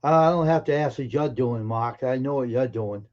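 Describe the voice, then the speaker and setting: A man of middle pitch hosts a live stream, greeting viewers by name in casual chat. He teases them in an offhand way, and the sound is dull and lo-fi. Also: normal speed, a little mellow.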